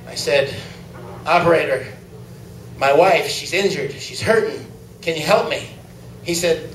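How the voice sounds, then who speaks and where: High-voiced man for a crude open-mic stand-up set; roomy club sound, mic at a distance. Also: a little slow, pauses often, slight background noise. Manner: crude joke-telling, laughing at own jokes. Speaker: stand-up comic. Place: small comedy club.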